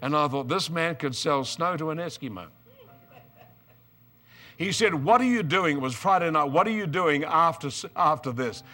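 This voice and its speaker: An older man preaching a storytelling sermon, moving from quiet asides to loud, excited outbursts. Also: a little high, moderate pace.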